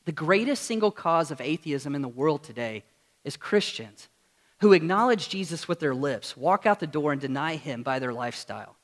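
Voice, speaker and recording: Man, pastor, high-pitched, earnest sermon, rhetorical questions, church congregation. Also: expressive, normal speed. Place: church sanctuary with screen.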